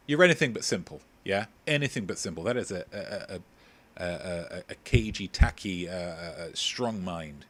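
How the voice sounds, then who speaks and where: A man's voice: lowish voice, fairly bright tone. A man hosts a live-streamed comedy quiz in a jokey, playful way. He reads out answers from the chat and keeps slipping into snatches of song. He sounds like he is streaming from a home setup. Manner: playful, jokey, breaks into singing lyrics. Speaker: quiz host.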